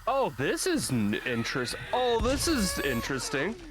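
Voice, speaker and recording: A man playing a game with a friend on stream, excitable and swearing freely in casual banter. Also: high voice, moderate pace. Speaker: co-player guest. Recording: steady background noise.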